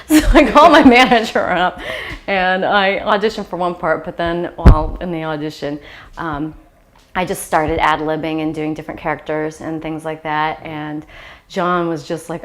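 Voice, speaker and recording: Animated woman telling a story. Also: fairly low pitch, fairly quick. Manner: animated storytelling, quotes others. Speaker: actress. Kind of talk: interview.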